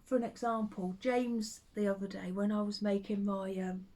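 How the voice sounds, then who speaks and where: A woman's voice: mid-range voice, steady tone, moderate pace. Chatty woman vlogging at home. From United Kingdom. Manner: chatty and rambling, with hesitant ums and soft under-breath asides. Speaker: vlogger and full-time teddy bear maker. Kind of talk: casual chat to camera.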